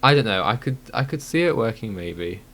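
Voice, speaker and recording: A man's voice: lowish voice, lively intonation, brisk, fairly bright tone. A man co-hosting a casual gaming podcast who thinks aloud, hedging with frequent ums. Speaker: podcast co-host.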